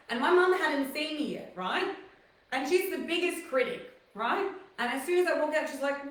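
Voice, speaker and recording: A woman's voice: high-pitched, a little fast, a bit bright. A woman hosting a casual talk show, rambling with many fillers. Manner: rambling, filler-heavy, chatty. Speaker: host. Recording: very echoey room, mic far off.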